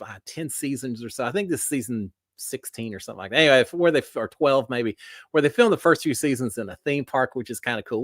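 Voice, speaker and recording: A man's voice: medium pitch, a bit bright, no echo, clean studio sound. A man hosting a casual livestream, greeting viewers by name in a folksy way with lots of fillers. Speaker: livestream host.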